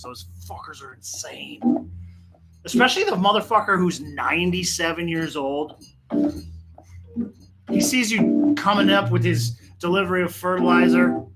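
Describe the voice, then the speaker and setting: A man's voice: a little high, poor audio. A man hosting a late-night livestream, chatting casually in a rambling, laid-back way with lots of swearing. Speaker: musician and livestream host. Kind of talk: casual profane chat between organ jamming. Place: studio. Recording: loud organ music behind. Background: Hammond organ playing.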